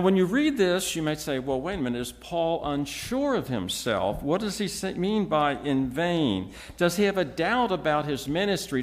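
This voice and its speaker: Male preacher, unhurried delivery, expressive rising and falling pitch, emphatic teaching. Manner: measured, emphatic teaching with frequent restarts. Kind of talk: expository sermon.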